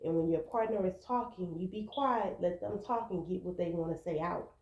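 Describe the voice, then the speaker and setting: Earnest lady vlogger giving love advice, soft dark tone, kinda echoey room. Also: lowish voice, moderate pace. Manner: earnest, repetitive, acts out quoted arguments. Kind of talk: casual advice talk to camera.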